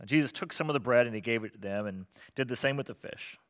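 Middle-aged male pastor, bright forceful tone, lively conversational sermon delivery. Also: mid-range voice, quick pace. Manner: animated, conversational preaching with rhetorical questions.

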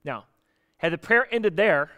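A man preaching a sermon in a conversational, animated way, often putting questions to his listeners. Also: a little high, a little slow. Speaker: pastor.

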